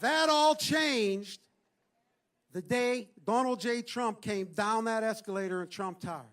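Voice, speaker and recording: A middle-aged man giving an impassioned speech at an outdoor rally into a stage microphone, building to shouted chants. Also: high-pitched, measured pace. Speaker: rally speaker.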